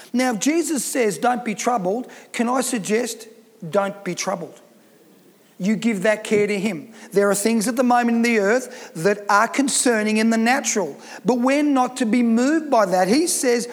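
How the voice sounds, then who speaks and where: A woman's voice: fairly high pitch, in a large hall. A woman pastor preaching a sermon, reading scripture aloud, explaining it, and putting emphatic rhetorical questions to the congregation.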